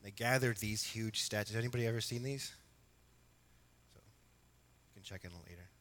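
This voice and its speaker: A man preaching an expository sermon, emphatic at times and quiet at others, asking his congregation questions. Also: lowish voice, moderate pace. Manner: emphatic, rising to loud exhortation, then quiet and reflective. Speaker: pastor.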